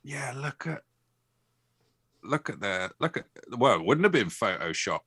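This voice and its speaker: Bright, lively man bantering. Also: medium pitch, measured pace, husky, no room sound, studio quality. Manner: playful, rambling, laughs often. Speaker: podcast co-host. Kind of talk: casual comedic banter.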